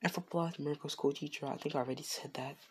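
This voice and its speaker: A man's voice: on the high side, fairly even intonation, fast talker, slight background noise. A young man casually improvising a fan fiction story, rambling and slangy, correcting himself as he goes.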